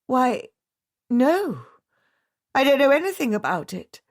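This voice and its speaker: A distraught society widow, as a woman reads her part, her voice climbing high and strained. She pleads and frets in a dry, close storybook narration. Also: sing-song, slow pace, no echo, heavily acted. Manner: pleading, teary, strained and rising.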